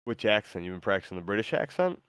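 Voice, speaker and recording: A man's voice: fairly low pitch, big pitch swings, fast, fairly bright tone, clean tone, dry recording, clean studio sound. A man hosting a stream, chatting casually and reading out viewer messages, hesitant with many ums and restarts. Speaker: streamer host.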